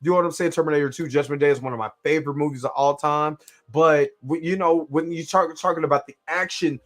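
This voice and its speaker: A man from Kansas City hosting a casual live reaction show, talking at length and often asking "you know what I'm saying". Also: fairly high pitch. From Kansas City, USA. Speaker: show host reviewing an episode.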